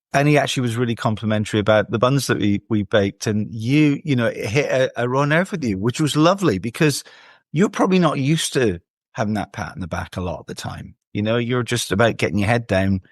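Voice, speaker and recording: A man's voice: mid-range voice, no room sound, clean studio sound. A man hosting a casual interview, reassuring and encouraging his guest. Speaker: podcast host.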